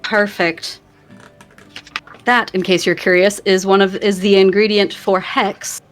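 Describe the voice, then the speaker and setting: Rambling woman player, slow. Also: medium pitch, flat delivery, soft background music. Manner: rambling, self-deprecating, many fillers. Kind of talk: casual tabletop game chat.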